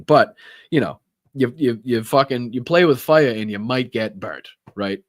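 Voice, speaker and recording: A man's voice: medium pitch, expressive, slow pace, no echo, clean studio sound. A man with a Boston accent hosting a live political commentary stream, reading news aloud with sarcastic, profane asides. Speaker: political talk show host.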